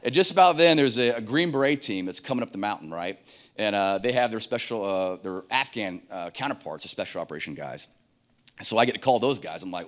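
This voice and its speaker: A middle-aged man giving a keynote on a conference stage, telling stories in an animated way and acting out the dialogue. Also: lowish voice, brisk. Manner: animated, acts out dialogue in voices. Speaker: keynote speaker. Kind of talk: keynote storytelling.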